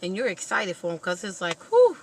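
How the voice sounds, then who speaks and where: A woman vlogger casually retelling a movie plot in an animated, expressive storytelling manner. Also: medium pitch, a little fast, slight background noise, low-quality recording.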